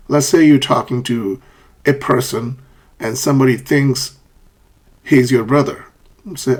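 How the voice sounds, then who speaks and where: A man teaches English pronunciation in a slightly husky, mid-pitched voice. He reads the example phrases aloud with deliberately exaggerated rises and falls in pitch. Between examples he keeps checking in with the viewer, asking "okay?". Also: fairly even intonation. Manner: models example sentences with exaggerated rising and falling pitch. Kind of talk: online pronunciation lesson.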